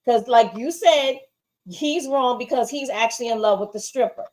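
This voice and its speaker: A woman's voice: on the high side, normal speed, darkish tone, rough recording. A woman co-hosting a casual TV review, giving emphatic opinions and often asking "right?". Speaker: show co-host.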